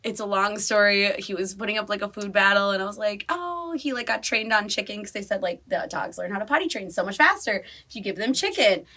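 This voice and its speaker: A woman's voice: medium pitch, fast talker, few pauses. A woman on a podcast, chatting casually and acting out little scenes with lots of laughter. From Minnesota. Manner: animated, acts out her dog's voice with laughs. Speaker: podcast guest. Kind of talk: casual chat.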